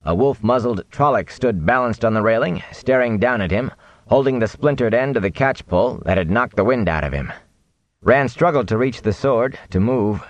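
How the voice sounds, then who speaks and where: A man reading a fantasy novel aloud in animated, expressive audiobook narration. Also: mid-range voice, no echo.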